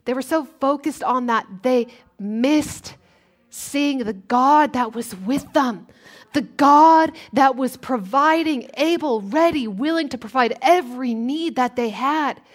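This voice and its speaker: A woman preaching a sermon in church, animated and acting out complaining voices. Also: high voice, slow pace. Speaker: guest preacher.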